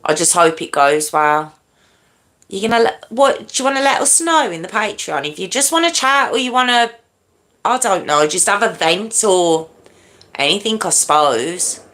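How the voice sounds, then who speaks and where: A woman chats with her live viewers in a bright, sparkling voice that swings up and down all the time. She talks in loose, apologetic bursts and sometimes drops to a whisper. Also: medium pitch, expressive, moderate pace. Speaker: livestream host. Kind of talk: casual live chat with viewers.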